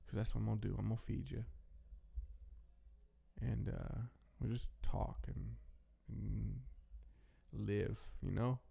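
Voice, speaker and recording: A man hosting a casual, rambling monologue, talking in a relaxed way with many restarts. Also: on the low side, creaky. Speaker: host.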